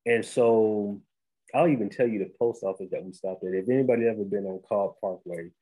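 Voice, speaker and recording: A man, hosting a podcast and telling a story in animated casual chat, often restarting and saying "bro". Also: on the low side, a little fast, husky, rough recording. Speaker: podcast host.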